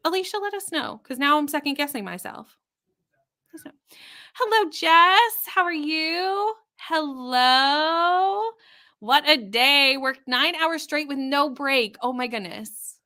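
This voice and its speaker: Canadian woman host, chatty comment-reader, high bright voice. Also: expressive, a little slow. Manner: chatty, greets viewers by name and reads their comments aloud. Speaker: livestream host. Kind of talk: casual live-stream chat.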